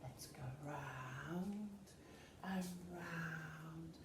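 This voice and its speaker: A woman putting on a slow, soft-spoken snake with a low breathy drawl that sinks lower than her usual voice. She sounds set back from the mic in an echoey room. The snake's temper is gentle and coaxing. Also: far from the mic, noisy background. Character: slow hushed female sand snake. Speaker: children's centre worker. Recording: roomy echo, voice from afar.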